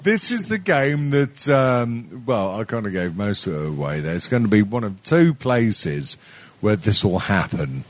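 A middle-aged podcast host tells a story in casual comedic chat, rambling, swearing and laughing often. His fairly low voice is sing-song and a little slow, with no room sound.

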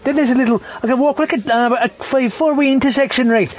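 A man's voice: very high voice, quick pace. A middle-aged man with an Irish accent, delivering a rambling, profane comedic rant and sounding a little tipsy. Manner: rambling, constantly swearing, tipsy.

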